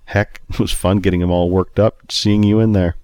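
A man's voice: low voice, level tone, normal speed, a little mellow, clean tone, no room sound, natural voice. A man voicing a friendly, easygoing young bakery worker. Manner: friendly, casual, cheerful.

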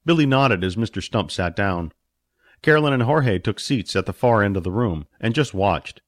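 Expressive male storybook narrator. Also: on the low side, dry recording. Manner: expressive, puts on character voices. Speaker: audiobook narrator.

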